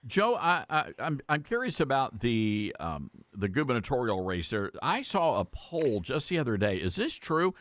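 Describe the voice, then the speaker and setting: Sarcastic, animated talk radio host. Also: male voice, mid-range voice, normal speed, hardly any pauses. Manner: folksy and sarcastic. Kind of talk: conservative talk radio commentary.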